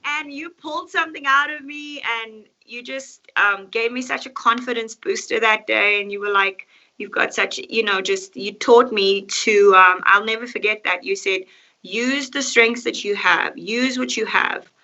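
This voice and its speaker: A woman's voice: on the high side, fairly even intonation, moderate pace, pushed and bright. A woman singer, a podcast guest, talking in casual chat in an earnest, grateful and reflective way. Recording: slightly muffled lo-fi sound.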